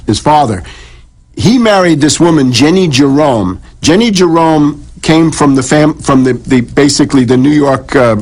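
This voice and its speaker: A man speaking as a guest on a radio interview, lecturing at length on history with frequent restarts and repeated words. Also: medium pitch.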